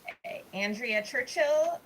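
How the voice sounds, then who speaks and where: A woman's voice: high voice, lively intonation, unhurried, fairly bright tone, slight background noise, low-quality recording. Upbeat chatty woman hosting a table read. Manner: chatty, filler-laden and upbeat. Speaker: host of a script reading. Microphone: video call.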